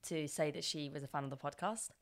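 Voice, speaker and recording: A woman's voice: low voice, quick pace. A woman co-hosting a podcast, telling self-mocking stories in casual chat with frequent laughter. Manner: laughing, self-deprecating anecdotes with acted quotes. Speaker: podcast co-host.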